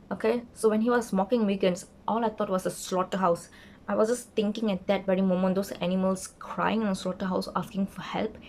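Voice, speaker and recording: A young woman, telling a dating story in a casual vlog and acting out the quotes with an animated, indignant manner. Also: mid-range voice, slight background noise. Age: young adult. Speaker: vlogger.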